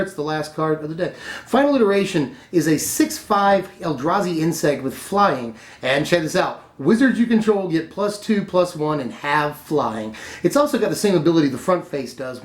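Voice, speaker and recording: A man hosting his own channel, reviewing card spoilers in a casual, enthusiastic chat and laughing often. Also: a little high. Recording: roomy echo.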